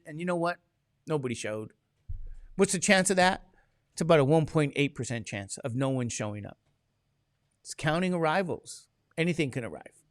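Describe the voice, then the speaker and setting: A man's voice: on the high side, fairly bright tone, no echo, clean studio sound. A man teaching a classroom lecture, chatty and digressive, asking the class questions as he goes.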